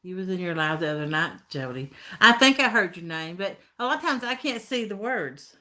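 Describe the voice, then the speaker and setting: A Tennessee woman with an Appalachian accent hosts a casual live stream, reading chat comments aloud in folksy talk and laughing often. Her voice sits on the low side and is sing-song, fairly quick, pushed and bright.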